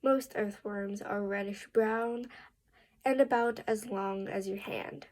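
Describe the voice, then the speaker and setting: Slow woman reading aloud carefully. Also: medium pitch, steady tone, a little mellow. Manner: slow, careful reading with restarts and rising ends. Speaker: reading student.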